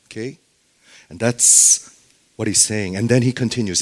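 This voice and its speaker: Male preacher, sermon, emphatic, questions the audience, sudden hushed near-whispers. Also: on the low side, a little slow, pauses often. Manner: emphatic, asks the audience questions, frequent "okay?".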